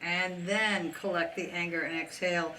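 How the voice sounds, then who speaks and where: A woman's voice: fairly low pitch, steady tone, normal speed, sharp tone, far from the mic, slight background noise, poor audio. A woman hosting a podcast, chatting casually with a guest and laughing easily. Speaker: podcast host. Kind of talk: casual interview chat.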